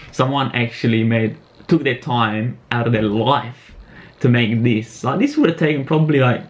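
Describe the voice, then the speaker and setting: A young man casually reacting to a video about himself, laid-back and amused, with slangy chat. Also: mid-range voice.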